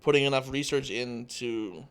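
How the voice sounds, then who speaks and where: A man's voice: medium pitch, normal speed, fairly bright tone, clean tone. A man co-hosting a podcast in casual chat, agreeing and summing up points, often ending them with "right?".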